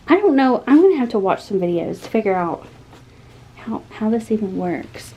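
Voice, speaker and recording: A woman, chatting casually at home and cooing to her cats in a high sing-song voice. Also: lively intonation, a little fast, darkish tone, slightly rough, poor audio. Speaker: vlogger. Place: home room with pets.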